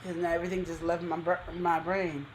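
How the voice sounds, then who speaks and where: A woman's voice: fairly low pitch, brisk, a little hiss or hum. A woman co-hosting a casual chat show, telling stories animatedly and repeating her punchlines. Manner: animated storytelling with repeated phrases. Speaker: co-host.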